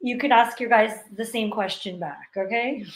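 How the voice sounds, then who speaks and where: A woman co-hosting a casual sports chat, answering calmly and with good humor. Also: fairly high pitch, normal speed, echoey room. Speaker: sports show co-host.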